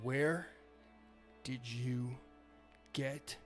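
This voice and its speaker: A man's voice: mid-range voice, fairly even intonation, drawn-out words, faint music behind. A man voicing a stocky male military officer who is blunt, swears, and is suspicious of strangers.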